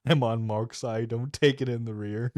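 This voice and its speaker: Dude reacting to clips, talks slow, laughs a lot, dry close mic. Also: male voice, mid-range voice, darkish tone, no room sound. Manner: mocking, laughing, crude. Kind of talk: reaction commentary.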